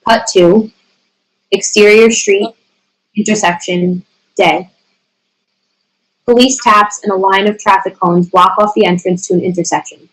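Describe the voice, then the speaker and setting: A woman's voice: medium pitch, steady tone, a little slow, pauses often, low-quality recording. A woman steadily reading the stage directions aloud at a screenplay table reading.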